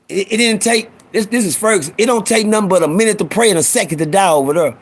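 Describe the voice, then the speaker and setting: A man's voice: high-pitched, expressive, quick pace, hardly any pauses. A man hosting a live stream, telling rowdy, profane stories and acting out the voices of people in them. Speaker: host. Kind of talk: storytelling on a live audio stream.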